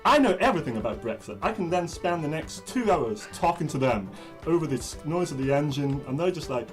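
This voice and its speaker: A man rambling through a comic self-pitch in a party game, with lots of restarts. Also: lively intonation, a little fast, soft background music. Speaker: player. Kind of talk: casual game chat.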